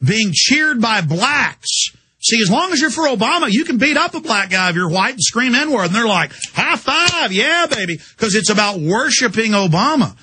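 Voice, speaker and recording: Fiery, husky-voiced male talk radio host. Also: high-pitched, animated, bright, forceful tone. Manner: rapid, heated and insistent, with rhetorical questions. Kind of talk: impassioned political monologue.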